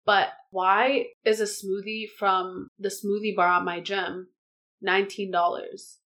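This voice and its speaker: A woman in her twenties, English not her first language, chatting as a podcast guest in a living room, animated and laughing often. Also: medium pitch, unhurried. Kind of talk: casual chat.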